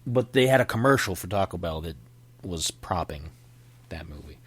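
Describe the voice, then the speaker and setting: Low-voiced man rambling casually. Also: expressive, normal speed, fairly bright tone, slightly rough, no echo. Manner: rambling, chatty, self-interrupting. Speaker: podcast host. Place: indoors at home.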